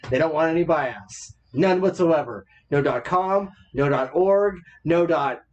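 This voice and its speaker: A man's voice: a little high, unhurried, a little mellow, highs cut off. Opinionated man telling stories casually. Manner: opinionated storyteller, swears casually. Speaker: podcast co-host. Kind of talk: casual chat.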